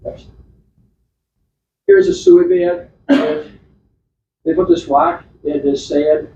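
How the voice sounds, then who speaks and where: A man's voice: high voice, huge pitch swings, takes it slowly, vocal fry, mellow. Rambling man giving an echoey slide talk. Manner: chatty, rambling, with frequent restarts and fillers. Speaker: club presenter. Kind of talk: informal slide talk at a club meeting. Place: meeting room. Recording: echoey, distant, dull club meeting recording.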